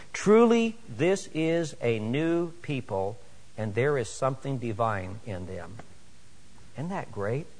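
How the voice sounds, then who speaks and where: A middle-aged man preaching a sermon to his church, animated and rising to emphatic exhortation. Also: a little high. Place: church sanctuary. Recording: echoey church hall.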